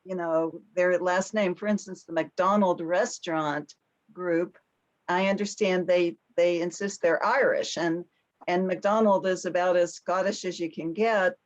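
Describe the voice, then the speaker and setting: A woman from the audience asking a question, halting and searching for her words. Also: lowish voice, steady tone, dull audio.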